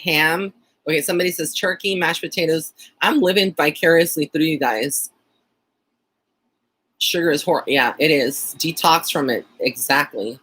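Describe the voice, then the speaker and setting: A man's voice: on the high side, moderate pace, sharp tone, husky. A man with a Texan accent hosting a casual live-stream chat, rambling along with plenty of fillers and easy laughs. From Texas. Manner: chatty and rambling, frequent fillers and light laughter.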